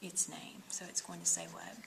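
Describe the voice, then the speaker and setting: A woman teaching phonics one-on-one, patiently sounding out syllables and often dropping to a soft whisper. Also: normal speed, background noise. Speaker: reading teacher.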